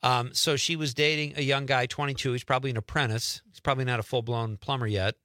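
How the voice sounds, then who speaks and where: A man hosting a casual radio show, telling stories in an animated way and often laughing. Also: mid-range voice, fast talker, noisy background. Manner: animated storyteller, exclaims and laughs. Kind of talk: casual on-air chat.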